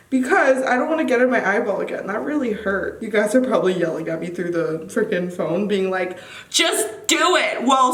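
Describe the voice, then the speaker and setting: A woman's voice: medium pitch, a bit bright. Giggly nervous woman vlogging at home. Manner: nervous, giggly, exclaiming often. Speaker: beauty vlogger. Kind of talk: casual vlog chatter. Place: room at home. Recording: echoey room, mic a bit distant.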